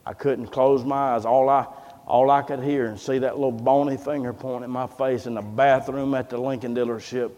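A man tells a long sermon story in a folksy, drawn-out way, putting on the voices of the people he quotes. His mid-pitched voice carries a long reverb, as though it fills a big church hall. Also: fairly even intonation, mellow, dull audio. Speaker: preacher.

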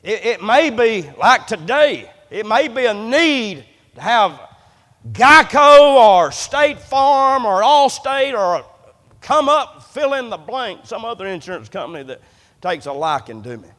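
Man, pastor, fiery sermon, high voice, long church-hall reverb, loud-soft swings. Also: sing-song, moderate pace. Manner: impassioned preaching, repeats words, swings loud and soft. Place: church sanctuary.

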